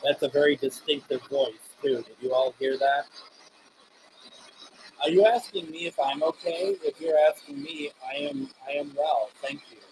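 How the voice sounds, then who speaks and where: A man's voice: fairly high pitch, moderate pace, a little mellow, a little hiss or hum, rough recording. A man hosting a live spirit box stream, talking to spirits and reading out viewer comments.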